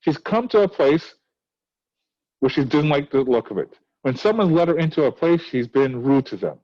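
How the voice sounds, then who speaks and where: A male teacher talks through a play in a recorded lesson, prodding his students with rhetorical questions. His voice sits a little high, and the recording sounds dull and lo-fi. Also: lively intonation, moderate pace. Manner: explains with many rhetorical questions.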